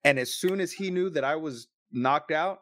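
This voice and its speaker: A man's voice: a little high, a bit bright, dry recording. A man telling a personal story in a casual, emotional and profane way, sometimes choked up. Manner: emotional, profane, quick bursts.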